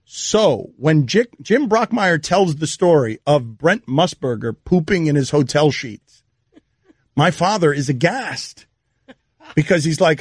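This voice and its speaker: A man hosting a sports radio talk show, telling stories quickly and animatedly, laughing as he goes. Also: a little high, breathy edge, no room sound, studio quality. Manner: fast, animated storytelling with laughter. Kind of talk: casual sports radio banter. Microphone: studio microphone.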